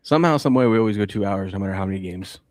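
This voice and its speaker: Easygoing low-voiced man, dry sound. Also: lively intonation, very fast, dry recording. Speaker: sports betting co-host. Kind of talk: casual sports betting chat.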